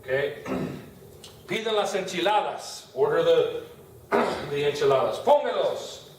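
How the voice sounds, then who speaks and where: A male Spanish teacher explains a grammar lesson in a fairly high voice. He patiently stretches out example words and says them again. He sounds far from the mic, in a very echoey room with a faint hiss. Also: expressive, slow pace.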